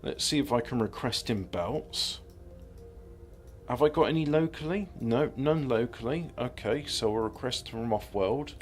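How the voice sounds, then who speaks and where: A man's voice: mid-range voice, a little slow, faint music behind. A man streaming a game, rambling through sardonic jokes and muttering to himself as he plans his moves. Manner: self-muttering while planning moves. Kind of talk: casual gameplay commentary.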